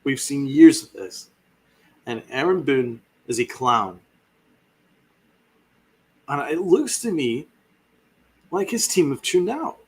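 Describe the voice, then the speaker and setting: A man's voice: medium pitch, animated, slow pace, long pauses, darkish tone, slightly rough. Fiery sarcastic man ranting about sports. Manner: fiery, sarcastic, swears a lot. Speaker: podcast host. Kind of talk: ranting sports podcast commentary.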